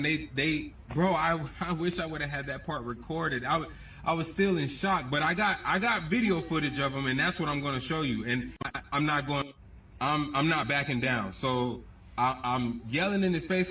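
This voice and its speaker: A man's voice: fairly high pitch, far from the mic, a little hiss or hum. Man telling a story from across the room. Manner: excited, tells events step by step, repeats himself. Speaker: storyteller in a clip. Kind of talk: casual story to camera.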